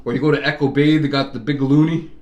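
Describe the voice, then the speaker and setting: A man's voice: medium pitch, fairly even intonation, quick pace, dull audio, crowd noise. Profane rambling man. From Canada. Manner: profane, rambling storyteller with frequent laughs. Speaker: vlogger. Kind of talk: casual chat.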